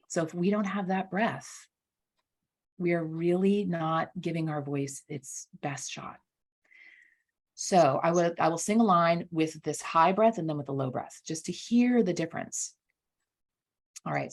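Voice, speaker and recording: A woman with a slightly low, husky voice explains speaking skills as a guest coach in a relaxed podcast chat. She talks in an animated way and keeps checking in with her listener. She repeats key words for emphasis. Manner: animated, often checks in with "right?". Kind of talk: casual podcast interview, explaining.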